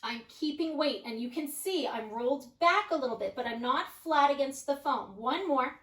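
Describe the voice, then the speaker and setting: A woman Pilates instructor guiding a follow-along workout with calm, encouraging cues, often checking in with "right?". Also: sits high, normal speed. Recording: echoey room.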